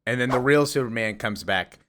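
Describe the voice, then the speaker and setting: A young man casually recapping a comic story. He rambles, trails off with fillers and shrugs things off. He speaks at an ordinary middle pitch. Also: brisk, a bit bright, a little hiss or hum. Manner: rambling, filler-heavy, offhand.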